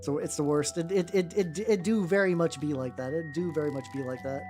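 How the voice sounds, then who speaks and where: A man with a high-pitched voice chatting casually with viewers as he paints miniatures. He rambles, with plenty of fillers, restarts and casual swearing. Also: fairly quick. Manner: chats with viewers while working. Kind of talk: casual livestream chat while painting. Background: faint background music.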